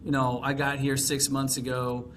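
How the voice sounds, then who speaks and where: A man's voice: medium pitch, monotone, normal speed, a little hiss or hum. A man from Texas, a congressional candidate, talking in a casual podcast conversation, rambling with frequent fillers and restarts.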